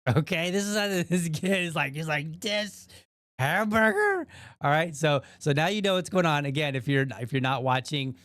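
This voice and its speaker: A man's voice: on the high side, a little fast, hardly any pauses, fairly bright tone, smooth, dry recording, clean studio sound. A man hosting a show, chatting casually about a video and thinking aloud with frequent asides to viewers. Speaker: podcast host. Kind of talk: casual commentary on a viral video.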